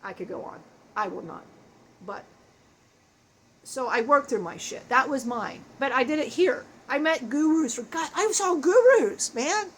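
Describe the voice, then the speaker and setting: A woman's voice: high-pitched, expressive, a little slow, a little hiss or hum. A woman channeling the spirit of a big, bald dead man who swears, jokes crudely and laughs often. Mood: joking.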